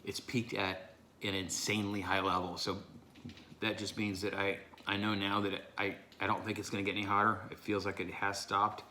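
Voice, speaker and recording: Deep, bright-toned man reviewing a hot sauce, voice strained from the burn, faint room noise behind. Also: flat delivery. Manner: breathy, gasping, pausing to recover. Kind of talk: casual vlog talk to camera.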